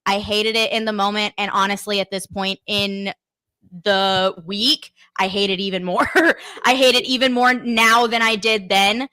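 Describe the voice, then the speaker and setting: A woman with a bright, sharp voice talks football, candid and chatty, often restarting her sentences. The sound is dry and close, with no room in it. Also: medium pitch, fairly even intonation, normal speed, smooth, no echo. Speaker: co-host. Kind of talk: casual sports talk.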